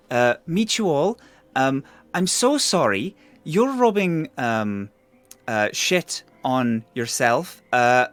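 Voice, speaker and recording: A man's voice: fairly high pitch, a bit bright, no room sound. A man voicing a small, timid toad healer in a put-on Welsh accent, stammering and apologizing as he speaks. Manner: nervous, stammering, keeps apologizing.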